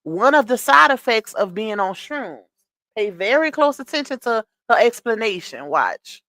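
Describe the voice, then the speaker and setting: A woman streams casual commentary, pressing her viewers with emphatic rhetorical questions. Her voice sits a touch high. The sound is dry and close, with no room in it. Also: sing-song, normal speed, bright, forceful tone, dry recording.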